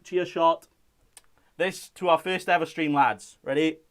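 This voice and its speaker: A man's voice: fairly high pitch, steady tone, measured pace. A young man from Wales, hosting a casual live-stream chat and reading out viewer messages in a jokey way.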